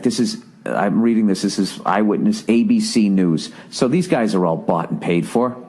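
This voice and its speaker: A podcast host with a fairly low, slightly mellow male voice launches into a ranting comedic monologue. He sounds exasperated, and his humor is profane and sarcastic.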